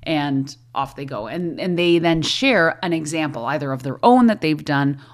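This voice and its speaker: A middle-aged woman with a low voice hosts her podcast in a relaxed, chatty way. She jumps between thoughts, restarts her sentences and talks with an animated energy. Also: moderate pace. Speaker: podcast host, school librarian. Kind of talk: casual chat.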